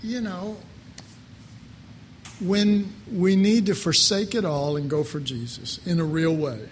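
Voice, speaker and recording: Brief: high-voiced male preacher, casual joking sermon, faint hum behind. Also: big pitch swings, measured pace. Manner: conversational, joking, rhetorical questions. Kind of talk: informal sermon to a live congregation.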